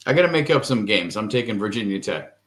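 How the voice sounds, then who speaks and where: A man on a sports podcast panel, with quick dry asides. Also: on the low side, expressive, a bit bright.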